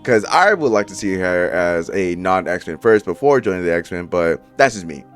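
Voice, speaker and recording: A man's voice: low-pitched, animated, moderate pace, soft background music. A young man giving casual, profane commentary straight to his viewers, full of slang. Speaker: YouTuber reviewing movie casting.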